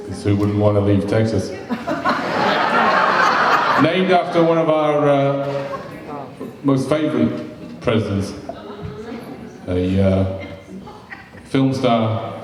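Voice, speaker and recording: Man emceeing over a laughing crowd. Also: medium pitch. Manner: dry, joking introductions. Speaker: roast emcee. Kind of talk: introducing speakers with jokes. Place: large event hall with a crowd. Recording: echoey hall recorded from far off, noisy.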